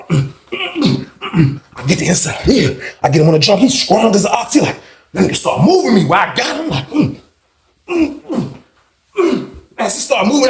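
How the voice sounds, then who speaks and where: Brief: lively storyteller, man, raised pitch, slang-heavy, punches the story with sound effects. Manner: animated, profane street slang with vocal sound effects. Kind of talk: casual storytelling. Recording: roomy echo.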